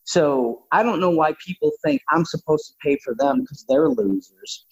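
A man's voice: fairly high pitch, very animated, brisk, darkish tone, breathy edge. A man talking bluntly and combatively, swearing freely in casual opinionated talk. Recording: dull lo-fi sound.

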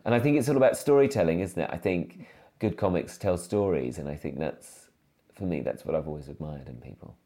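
A comedian in his thirties telling stories in a casual interview, animated and self-deprecating with frequent restarts. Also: sits low, fairly quick. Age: 30s. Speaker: comedian guest.

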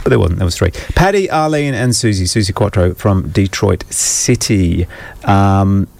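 A man's voice: deep voice, expressive, normal speed, creaky, darkish tone. A man co-hosting a radio music show, joking and rambling through stories in casual studio banter. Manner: jokey, rambling storyteller. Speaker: radio co-host.

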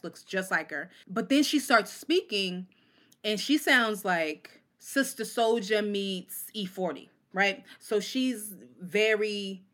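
A woman poet in her forties, a guest on a talk show, telling stories in an animated, casual way and acting out the voices of people she quotes. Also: medium pitch. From Oakland, California. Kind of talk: casual interview storytelling.

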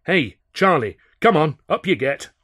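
A man voicing a stage performer who calls out in brisk, coaxing bursts to wake a rival. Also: mid-range voice, a bit bright, dry recording, studio quality, lightly acted. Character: rueful English stage performer rousing a rival.

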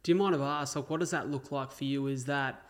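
A man hosting a casual interview, asking gentle, probing questions. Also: mid-range voice, steady tone, fast. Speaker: podcast host.

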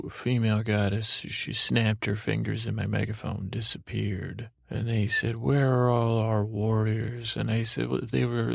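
Gravelly man rambling a sleepy story. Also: no room sound, studio quality. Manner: meandering, halting, lots of fillers and restarts; drowsy, low-key storytelling. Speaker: podcast host.

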